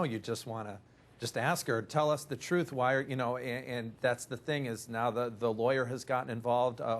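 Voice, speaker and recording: Man reporting with rambling restarts. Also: mid-range voice. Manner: rambling, quick restarts and quoted asides. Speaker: reporter covering the case. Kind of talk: talk show discussion.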